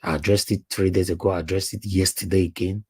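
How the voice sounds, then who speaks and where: A man's voice: sits low, flat delivery, fast, a little mellow, husky, no echo. A Nigerian man with a Nigerian accent, hosting a livestream and speaking emphatically, repeating words and slipping into Pidgin. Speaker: live stream host and panelist. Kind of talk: heated livestream monologue.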